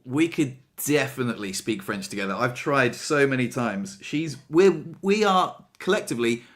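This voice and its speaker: Chatty man co-hosting a relaxed podcast, self-mocking, stammers and restarts, quotes himself in lively bursts. His voice sits at an average pitch for a man, neither high nor low. He keeps the talk loose and conversational. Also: moderate pace. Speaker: podcast co-host. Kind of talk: casual chat.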